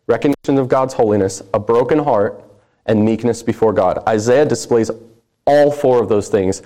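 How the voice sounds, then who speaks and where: A man's voice: on the low side, warm tone. A man preaching a sermon, reading scripture aloud with earnest emphasis.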